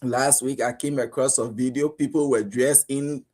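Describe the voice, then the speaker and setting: A Liberian man giving animated talk radio commentary, acting out police stops as he argues. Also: moderate pace. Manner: animated, rising pitch when outraged, acts out police exchanges. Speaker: radio panelist.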